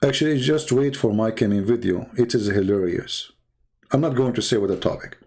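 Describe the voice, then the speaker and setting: A man's voice: medium pitch, brisk, a little mellow, husky. A man hosting a livestream, talking in a combative, mocking way and challenging his listeners. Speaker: livestream host. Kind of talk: taunting livestream monologue.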